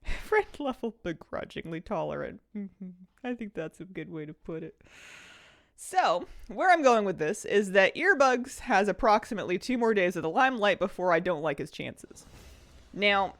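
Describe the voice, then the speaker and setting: Lively, giggly woman streamer. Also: mid-range voice, normal speed. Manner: chatty, giggly, talks to her pets in a baby voice. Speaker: game streamer. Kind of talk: casual live-stream chat. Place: dim room at home.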